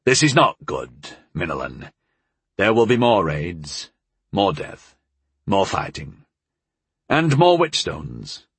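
A wise old hedge mage, as a male reader puts him on, deep and unhurried, each word set down slowly and gravely. His husky voice sits low. The sound is dry and close, with no room around it. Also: very animated, no room sound, full character voice. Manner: slow, measured and low.

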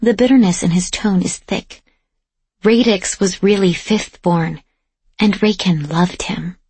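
A woman giving steady, measured first-person audiobook narration, close to the mic. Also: medium pitch, husky, no echo.

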